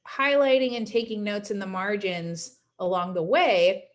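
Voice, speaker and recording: A woman's voice: medium pitch, a little slow. A woman teaching a class in a casual recorded lecture, chatty and often adding "right?" to check in with her students. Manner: chatty, frequent "right?" tags.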